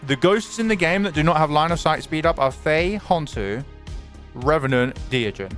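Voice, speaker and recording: A man's voice: a little high, expressive, normal speed, a bit bright, soft background music. A man streaming a game live, commenting animatedly, swearing and greeting his chat.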